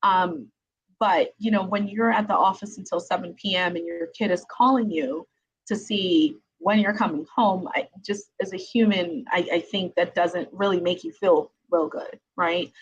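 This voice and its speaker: A middle-aged woman, an attorney who hosts a podcast, runs a live-streamed interview show from her home. Her voice is lowish, steady, and slightly rough, moving at a normal speed on a low-quality recording. She talks casually, laughs a lot, and fills her speech with ums and tag questions.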